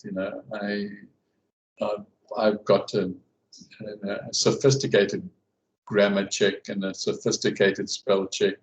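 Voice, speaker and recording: A man in a casual video-call conversation, talking in a halting way with many fillers and restarts about running his classes. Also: lowish voice, low-quality recording. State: hiccuping. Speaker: class guide and researcher.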